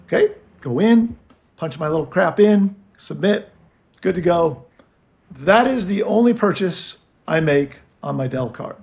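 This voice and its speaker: A man's voice: sits high, animated, unhurried, creaky, a little mellow. A man co-hosting a casual chat, telling a story and acting out both sides of his phone calls. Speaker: podcast co-host.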